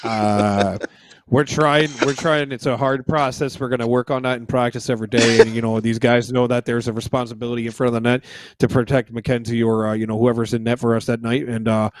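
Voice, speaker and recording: A man's voice: mid-range voice, level tone, a little fast, dry recording, pitched below the performer's own voice, close to an everyday voice. A man doing a mock impression of a male hockey coach with a put-on Canadian accent, rambling folksy answers to reporters. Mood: earnest. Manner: folksy, rambling, calls everyone boys.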